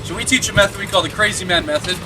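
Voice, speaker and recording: Energetic male dog trainer, slightly high voice. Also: racing, background noise. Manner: energetic and explanatory, lots of "you know" and "like". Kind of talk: instructional walkthrough. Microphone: camera following him while he works. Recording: distant mic with music behind.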